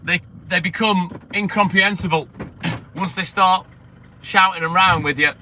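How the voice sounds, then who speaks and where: A man's voice: high-pitched, moderate pace, sharp tone, slight background noise. A man hosting a casual livestream, answering viewer comments in a blunt, sweary, chatty way. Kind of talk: casual live chat.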